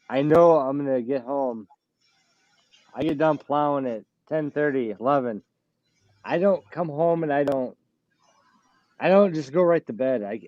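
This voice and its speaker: A man's voice: mid-range voice, darkish tone, dull audio. A man hosting a casual live show, talking bluntly and swearing often, bragging about pushing through on little sleep. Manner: blunt, swears a lot, boastful. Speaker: show host. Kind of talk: casual live-stream chat.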